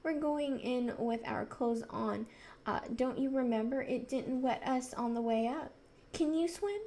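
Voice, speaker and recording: A woman's voice: high-pitched, a little slow, darkish tone. A woman doing Digory, an eager boy.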